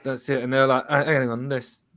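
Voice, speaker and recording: A man's voice: mid-range voice, level tone, normal speed, fairly bright tone. A man hosting a casual live-streamed football show, chatty, reading out viewers' comments and laughing often. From England. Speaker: host.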